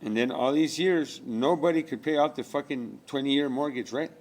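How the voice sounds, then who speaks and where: Male, mid-pitched, rambling preachy rant, swears freely, keeps firing rhetorical questions. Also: normal speed, darkish tone. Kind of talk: rambling spiritual monologue.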